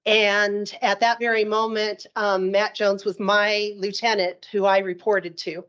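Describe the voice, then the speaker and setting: A woman's voice: mid-range voice, level tone, unhurried, a bit bright, smooth. Woman telling a story at a meeting, lo-fi. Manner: conversational, with frequent fillers. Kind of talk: casual talk at a meeting. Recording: dull lo-fi room recording.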